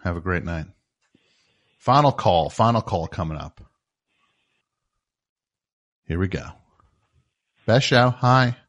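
Lively, low-voiced man hosting a call-in. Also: slow pace, long pauses, muffled recording. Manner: joking, wry, lively delivery. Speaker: radio call-in show host. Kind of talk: casual call-in banter.

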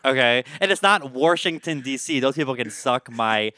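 Campy male podcast guest from Baltimore, sassy and smooth-voiced. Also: mid-range voice, animated, normal speed, bright, forceful tone. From Baltimore, USA. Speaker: podcast guest, drag performer. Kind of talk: casual podcast banter.

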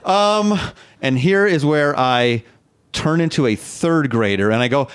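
A man in casual chat, telling an embarrassing story and acting out the people in it, jumping to a high panicky voice for himself. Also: unhurried, clear, resonant tone. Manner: animated, acts out his own quotes in a high panicky voice.

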